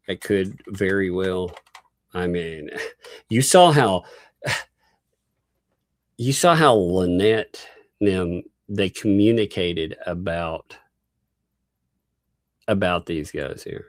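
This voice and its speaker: A man's voice: low-pitched, drawn-out words, pauses often, no room sound. A man hosting a casual live-stream commentary, rambling, laughing often and restarting his sentences. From Southern United States. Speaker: YouTube commentary host.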